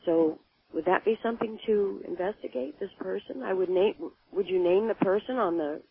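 A woman calling in to a radio show with a hoarse morning voice, asking a hesitant, rambling question. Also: mid-range voice, normal speed. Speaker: caller. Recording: thin, dry phone line.

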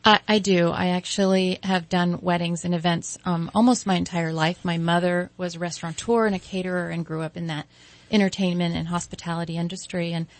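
Woman guest, 40s, low gravelly voice, dry close sound, animated storyteller. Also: brisk, no echo. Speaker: guest, event designer. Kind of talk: casual interview chat.

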